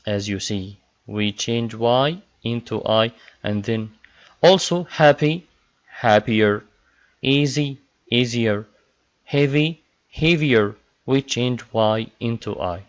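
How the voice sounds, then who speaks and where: Slow-talking male English teacher. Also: mid-range voice. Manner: slow, repetitive drilling of word pairs. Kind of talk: classroom grammar lesson. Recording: dull lo-fi recording.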